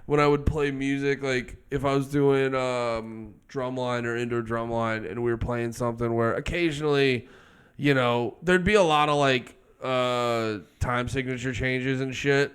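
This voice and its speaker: A young man co-hosting a casual comedic music podcast, joking and breaking into high shouted bits. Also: steady tone, measured pace, clean tone. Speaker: podcast co-host.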